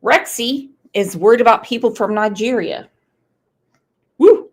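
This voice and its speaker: A woman's voice: fairly high pitch, a little slow. A woman with a cold and a congested voice, hosting a casual true crime livestream, blunt and outspoken as she reads chat. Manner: blunt, outspoken, with emotional asides. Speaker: true crime channel host.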